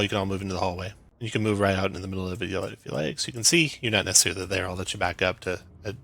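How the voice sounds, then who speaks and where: A man narrating as game master of a tabletop game, describing scenes briskly with frequent fillers. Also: lowish voice, vocal fry, fairly bright tone.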